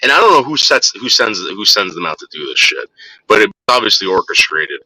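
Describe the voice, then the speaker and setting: A man's voice: on the low side, very animated, a little fast, sharp tone, low-quality recording. A man ranting angrily and cursing in a casual livestream chat, repeating names and stammering when worked up. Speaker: livestream co-host.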